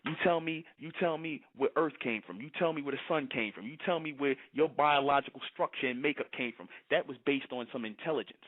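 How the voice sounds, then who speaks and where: A man's voice: medium pitch, a little fast, hardly any pauses. A man giving a preaching monologue, repetitive and full of rhetorical questions. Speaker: commentator. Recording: tinny phone-like sound.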